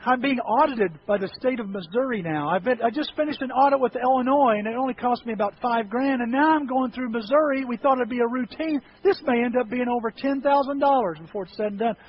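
A middle-aged male pastor preaching a sermon in a church, telling lively stories with self-deprecating humor. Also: extremely high pitch, fast talker, hardly any pauses, dull audio, slight background noise. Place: church sanctuary.

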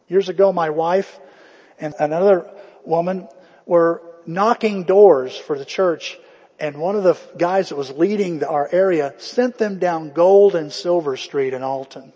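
A man's voice: a little high, unhurried, warm tone, slightly rough, long reverb tail, lo-fi sound. A male pastor preaching a sermon in a conversational storytelling way, acting out the quotes.

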